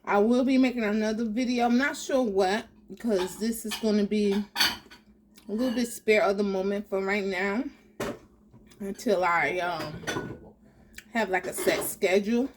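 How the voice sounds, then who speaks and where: A woman hosting a casual home cooking vlog, talking in a relaxed way with lots of ums. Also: medium pitch, a little slow, background noise. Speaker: cooking vlogger.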